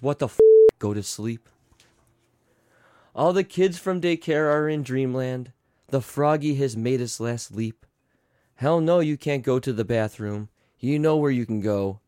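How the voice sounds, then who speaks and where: A man's voice: mid-range voice, darkish tone, no echo. Brief: man, podcast co-host, dry close mic, reads a sweary bedtime story in a mock-lullaby tone. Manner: profane, laughing, reads in a mock-soothing tone. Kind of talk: casual chat and reading a story aloud.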